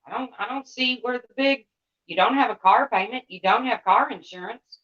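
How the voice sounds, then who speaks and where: A woman's voice: on the high side, normal speed, fairly bright tone. Blunt, profane woman livestreamer. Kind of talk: ranting livestream chat. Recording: dull lo-fi sound.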